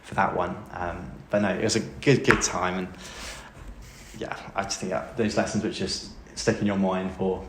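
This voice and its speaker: A man's voice: deep voice, level tone, normal speed. A man with an English accent, a former pupil, telling a funny school story in a chatty, self-deprecating way. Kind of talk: anecdotal interview recollection. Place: school room. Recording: echoey room with faint hiss.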